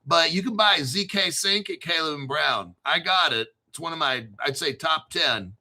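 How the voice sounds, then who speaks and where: A man hosting a crypto show, talking in an excited, rambling monologue with frequent swearing, stopping to spell out names letter by letter. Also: a little high, moderate pace.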